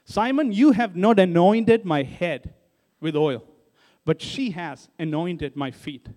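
A calm grown man gently rebukes his host, in a male preacher's reading. The voice is high for a man and measured and quiet. It rings with the long reverb of a hall. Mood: gentle rebuke.

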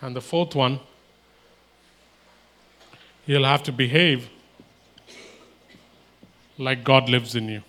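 A man's voice: medium pitch, slow, long pauses, bright, forceful tone. A man preaching a sermon, emphatic and repetitive, acting out imagined everyday exchanges.

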